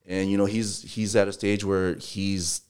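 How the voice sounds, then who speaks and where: A man with a very low voice talks casually as a guest on a podcast. He rambles in a relaxed way and fills his sentences with little asides. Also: a little slow, clear, resonant tone. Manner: relaxed, rambling, heavy use of filler phrases. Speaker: guest, contractor.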